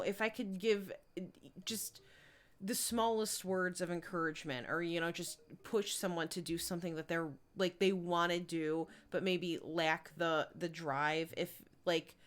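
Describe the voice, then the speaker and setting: A young woman streaming a life-sim game, chatting casually and reading viewer messages with lots of fillers and giggles. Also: mid-range voice. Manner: chatty, reads chat aloud, many fillers and giggles. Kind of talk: casual gameplay commentary.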